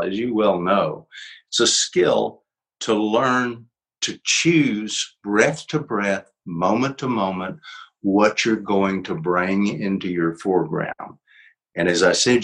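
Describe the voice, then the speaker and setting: An older man, a psychologist and author, talking as an interview guest in a gentle, reflective way with easy laughs. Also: fairly low pitch, poor audio. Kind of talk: conversational interview.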